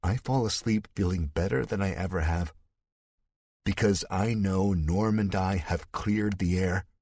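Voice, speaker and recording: A man reads a thriller audiobook in the first person, keeping his delivery steady and measured. His voice is very low and husky. The recording is dry and close, with no room around it. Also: no room sound. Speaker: audiobook narrator.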